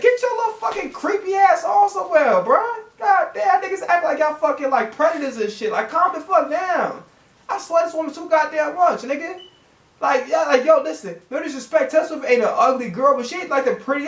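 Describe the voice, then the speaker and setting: Profane ranting man in an echoey room. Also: a bit bright. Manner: profane, exasperated, jumpy pitch. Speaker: sports reaction vlogger. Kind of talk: ranting reaction commentary.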